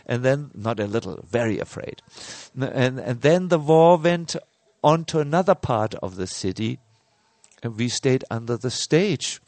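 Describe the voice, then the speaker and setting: Slow, halting middle-aged male preacher. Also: medium pitch, vocal fry, darkish tone, dry recording. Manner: slow, halting, many fillers and restarts. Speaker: spiritual teacher. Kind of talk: sermon with personal story.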